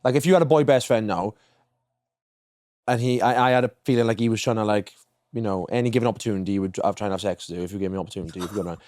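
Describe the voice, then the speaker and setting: A man's voice: on the low side, rapid-fire, a little mellow, dry recording, clean studio sound. A young man co-hosting a podcast in casual chat, rambling and restarting his sentences. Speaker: podcast co-host.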